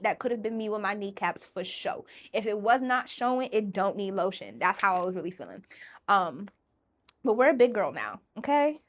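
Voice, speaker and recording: A woman hosting her own podcast in a casual solo monologue, animated and profane, often acting out other voices. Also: medium pitch. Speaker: podcast host.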